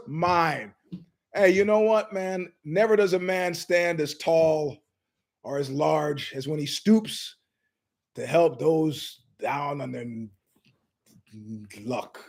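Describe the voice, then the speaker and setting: A middle-aged man hosts his own show, telling a long story as an animated monologue. His voice sits high for a man, and he delivers it emphatically, wandering off into asides. He slips into other people's voices whenever he quotes them. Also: vocal fry. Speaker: show host.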